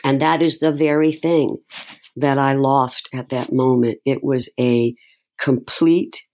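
A middle-aged woman, an interview guest, recounts a personal story in conversation, speaking emotionally and haltingly with many restarts. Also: a bass voice, steady tone, a little mellow.

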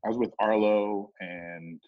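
A middle-aged man telling a story in casual chat, animated and swearing, acting out what people said in a raised voice. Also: fairly low pitch, measured pace, no echo. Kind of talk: casual storytelling with acted quotes. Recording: dull lo-fi.

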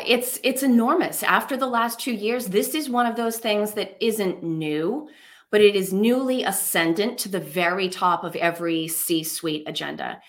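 A woman co-hosting a business livestream, speaking articulately with bubbly enthusiasm. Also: fairly low pitch. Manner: bubbly, articulate, laughs readily. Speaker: livestream co-host. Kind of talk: enthusiastic live show commentary.

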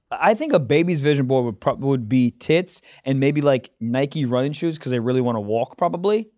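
Blunt, profane young comic. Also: male voice, mid-range voice, animated, normal speed, darkish tone. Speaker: comedy podcast co-host. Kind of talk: casual chat.

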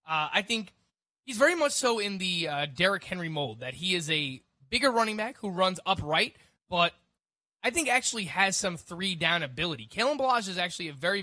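A man breaking down football news on a casual fantasy sports radio show, chatty and quick. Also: high voice, bright, forceful tone, no echo. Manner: quick, chatty analysis with restarts and laughs.

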